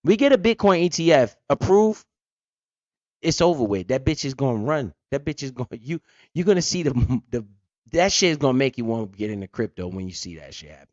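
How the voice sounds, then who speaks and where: A man's voice: mid-range voice, very animated, fairly quick, a little mellow, no room sound. A man hosting a crypto channel, giving blunt, profane, joking market commentary off the cuff. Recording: dull lo-fi dry audio.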